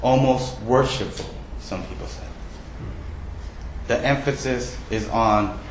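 A man's voice: mid-range voice, slow pace, pauses often, roomy sound, slight background noise, rough recording. A man preaching a sermon as pastor, in a conversational way, often putting questions to the congregation and poking fun at himself. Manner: conversational, self-deprecating, asks the congregation questions.

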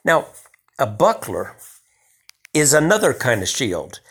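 A man preaching a sermon in a conversational way, building to emphatic lines and dropping to hushed, soft passages. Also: mid-range voice, huge pitch swings, takes it slowly, husky.

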